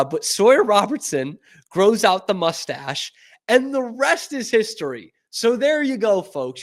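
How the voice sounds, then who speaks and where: A man talks football in an easygoing podcast style. His voice sits a bit high and swings up and down a lot as he gets excited. He is chatty and laughs often. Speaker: podcast host. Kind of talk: casual sports commentary.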